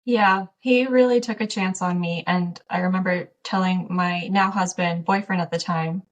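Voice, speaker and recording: A woman's voice: lowish voice, fairly even intonation, moderate pace, dull audio. A woman guest on a podcast, telling stories animatedly, laughing often and acting out past conversations. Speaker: podcast guest, small business owner. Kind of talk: casual conversational interview. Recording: slightly distant from the mic.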